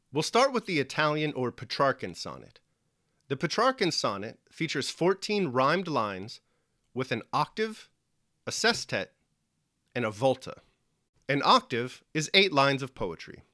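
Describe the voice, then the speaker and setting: A man narrating a scripted lesson clearly, explaining step by step with dry little asides. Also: mid-range voice, sharp tone, no room sound. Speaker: teacher.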